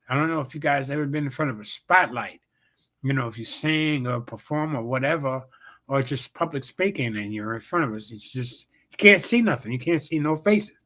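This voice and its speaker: A man's voice: medium pitch, normal speed, fairly bright tone. A comedian hosting his own show tells a rambling, profane story full of fillers and repeated "bam, bam". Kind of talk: casual storytelling on a livestream show.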